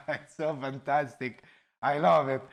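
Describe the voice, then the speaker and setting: A man's voice: mid-range voice, steady tone, slow pace. A middle-aged Italian man hosting a cooking show from his kitchen, chatting animatedly in Italian-accented English that is sprinkled with Italian words. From Italy. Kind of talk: casual cooking chat. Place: home kitchen.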